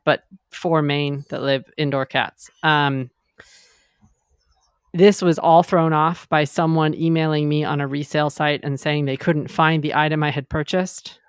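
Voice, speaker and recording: A woman's voice: deep voice, smooth, dry recording. A woman co-hosting a podcast, chatting casually in a self-deprecating way. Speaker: podcast co-host. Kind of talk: casual chat.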